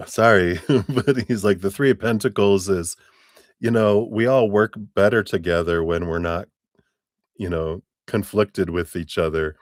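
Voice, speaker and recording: A man giving a live-stream tarot reading, chatty and relaxed, laughing often and filling his talk with "you know". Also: sits low, unhurried, no echo, clean studio sound. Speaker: tarot reader.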